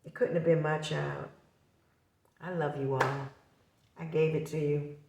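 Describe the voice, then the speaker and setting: A middle-aged woman speaks to her viewers in a gravelly voice, impassioned and accusing, circling back to her points again and again. The sound rings around an echoey room. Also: sits low, flat delivery, a little slow, noisy background. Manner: impassioned, accusatory, repeats herself. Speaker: vlogger. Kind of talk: emotional direct-to-camera talk.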